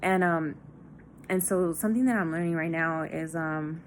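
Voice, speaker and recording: A woman's voice: deep voice, normal speed, slight background noise. A young woman talking candidly in a personal diary vlog, raw and confessional, swearing often and full of fillers. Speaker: vlogger.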